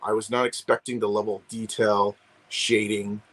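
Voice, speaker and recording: A man's voice: fairly low pitch, flat delivery, normal speed, a bit bright, poor audio. A man chatting casually over a video call, rambling with many restarts. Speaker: guest collector. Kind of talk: casual chat.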